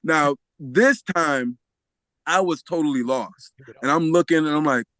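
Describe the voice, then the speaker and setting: Male podcast guest with a slightly high voice, lively storyteller who acts out every character, dry close sound. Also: a little slow, no echo. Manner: laughs often while telling. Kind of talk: storytelling in a casual interview.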